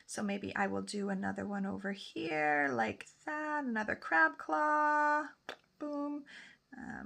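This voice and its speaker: A woman's voice: mid-range voice, vocal fry, pushed and bright. A woman nail technician chatting casually through a tutorial as she paints, often correcting herself mid-sentence. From Canada. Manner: chatty, talks while painting, self-correcting.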